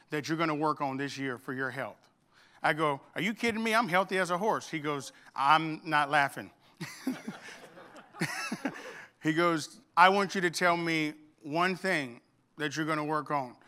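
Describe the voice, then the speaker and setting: A man's voice: on the high side, bright, forceful tone, clear, resonant tone. A middle-aged man preaching a sermon, telling a funny story and acting out the dialogue. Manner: storytelling with humor, acts out dialogue. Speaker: pastor.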